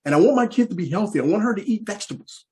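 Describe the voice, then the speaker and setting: A man performing stand-up, telling a repetitive, animated story about parenting from the stage. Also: high-pitched, rapid-fire. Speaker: stand-up comedian.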